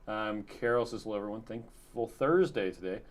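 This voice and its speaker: A man co-hosting a live stream, chatting casually and reading viewer comments aloud in a relaxed, quiet way. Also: on the low side, fairly quick. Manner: relaxed, reads chat messages in a quiet flat tone.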